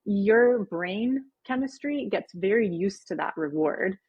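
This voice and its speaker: A woman, a personal trainer and nutrition coach, explaining habits calmly as a podcast guest. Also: medium pitch, takes it slowly, slightly rough, dry recording, muffled recording. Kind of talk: podcast conversation.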